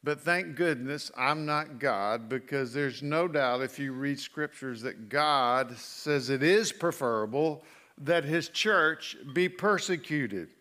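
A middle-aged male pastor preaching a sermon, folksy and animated as he tells stories. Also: medium pitch, takes it slowly. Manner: folksy storytelling with animated asides.

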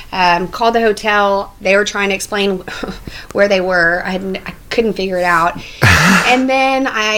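Picture an American woman in easy, casual conversation. She tells long stories and keeps slipping in laughs between her thoughts, with a voice of ordinary pitch for a woman, loaded with ums and restarts. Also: a bit bright, rough recording. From United States. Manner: chatty storyteller, laughs often, many fillers. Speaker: guest.

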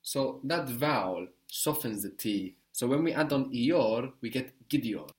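A man's voice: medium pitch, lively intonation, unhurried. A man teaching a spoken language lesson, patiently explaining step by step and prompting his learner.

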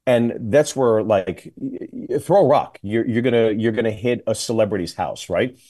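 Animated comic storyteller, a man. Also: fairly low pitch, normal speed. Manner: animated, comic storytelling with laughs and quoted voices. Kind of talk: casual storytelling chat.

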